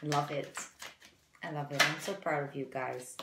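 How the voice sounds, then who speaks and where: Casting: woman tarot reader, low, gravelly tone, chatty and encouraging, echoey room. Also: a little fast, noisy background. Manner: chatty, encouraging, fillers like "you know". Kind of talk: casual tarot reading to camera.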